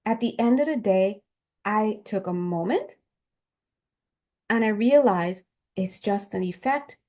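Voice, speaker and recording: A woman giving a casual spiritual talk, chatty and laughing, often jumping into high excited exclaims. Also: slow. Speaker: spiritual reader.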